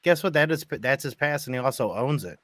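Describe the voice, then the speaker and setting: A man's voice: medium pitch, a bit bright. A man co-hosting a podcast, agreeing readily and chatting casually. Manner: agreeable, quick backchannels. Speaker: podcast co-host. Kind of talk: casual chat.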